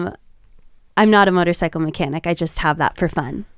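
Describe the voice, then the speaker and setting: A woman's voice: fairly low pitch, a little fast, clear, resonant tone, no room sound, clean studio sound. Giggly young woman telling stories. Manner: giggly, chatty, storytelling. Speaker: podcast guest, comedian. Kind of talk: casual chat, telling dating stories. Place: podcast studio.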